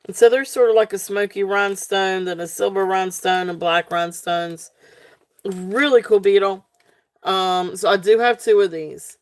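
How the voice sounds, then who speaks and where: A woman with a mid-range voice at normal speed sells jewelry on a live stream, speaking with a Southern accent from South Central Virginia. She's chatty and casual, uses many fillers, and thanks viewers by name.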